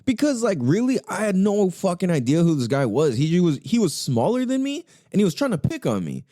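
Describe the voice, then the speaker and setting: A man's voice: sits high, sing-song, fairly quick, mellow, no echo, clean studio sound. A young man hosting a podcast, telling a story in casual, profane slang full of fillers. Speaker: podcast host.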